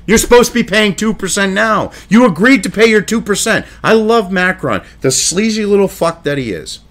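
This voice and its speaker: Hosting a political news commentary video, this man delivers a profane, angry, sarcastic rant, mimicking people in put-on voices to mock them. His voice is high-pitched and fairly bright, with lively intonation at a moderate pace.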